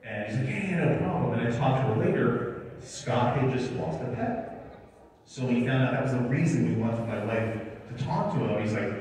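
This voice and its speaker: A man's voice: mid-range voice, moderate pace, darkish tone. A man organizing a convention, chatting to a live audience and telling a story, acting out the voices of the people in it. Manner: chatty, acts out quoted dialogue. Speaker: convention organizer addressing attendees. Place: large convention hall. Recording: echoey hall from far off.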